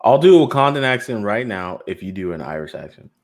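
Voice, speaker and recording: A man co-hosting a podcast, chatting casually and joking through shout-outs to listeners. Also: lowish voice, sing-song, quick pace. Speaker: podcast co-host. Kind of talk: casual live podcast banter.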